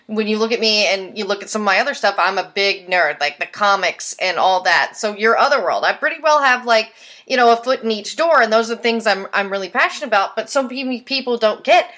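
Bright-voiced casual woman podcast host. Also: mid-range voice, expressive. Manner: casual and laughing, quick asides. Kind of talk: casual conversation.

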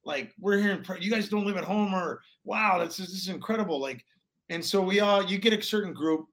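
High-voiced rambling storyteller man. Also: a little fast. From Alaska. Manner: rambling, animated, full of restarts and laughs. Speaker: guest, former pro hockey player. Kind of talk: casual storytelling interview.

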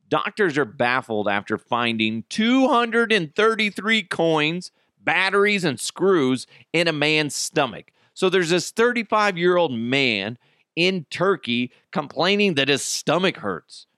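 A man riffs loosely on strange headlines, laughing and swearing as he goes. His pitch swings up and down a lot, and the close mic sounds dry. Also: animated, slow, sharp tone, no room sound. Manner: laughing, joking, profane. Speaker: podcast host. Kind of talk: casual comedic commentary.

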